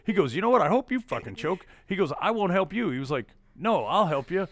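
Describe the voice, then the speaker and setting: A man's voice: sits high, very animated, fast. A young man, hosting a podcast and telling a rowdy story in casual chat, swearing often and switching into voices for the people he quotes. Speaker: podcast host.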